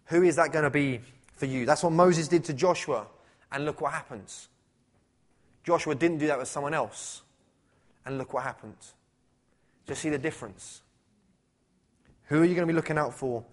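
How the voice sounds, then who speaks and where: Pastor guy preaching in church, chatty, a bit higher pitched, lots of "right?" questions. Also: moderate pace, long pauses. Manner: conversational, rhetorical questions. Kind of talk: sermon. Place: church service.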